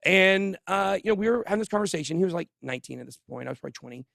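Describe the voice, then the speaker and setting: A man hosts a crypto livestream from a studio, giving casual commentary in an animated, joking way and talking straight to his viewers. His voice sits a little high with a gravelly edge. The sound is dry and close. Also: rapid-fire, no room sound. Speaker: crypto channel host.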